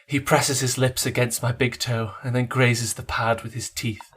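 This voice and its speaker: Guy putting on a swooning romance-novel woman, breathy and over the top, comedy podcast reading. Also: mid-range voice, little pitch movement, moderate pace, a bit bright. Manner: theatrical romance reading in a mock northern voice. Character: adult woman narrator-heroine, breathless.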